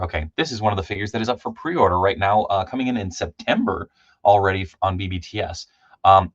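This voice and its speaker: A man hosting a casual live stream, chatty and loose, shouting out viewers by name with lots of ums. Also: deep voice, no room sound, highs cut off. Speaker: livestream host.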